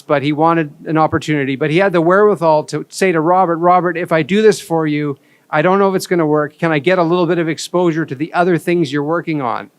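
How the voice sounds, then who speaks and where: A man speaks from a conference stage with a fairly high, smooth voice. He tells his story candidly and with self-deprecation. The sound is dry and close. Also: no echo. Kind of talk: storytelling keynote talk.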